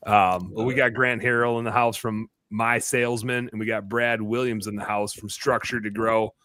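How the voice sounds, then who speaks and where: Excitable rambling male podcast host. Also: lowish voice, moderate pace, no echo, clean studio sound. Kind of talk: casual live podcast chat.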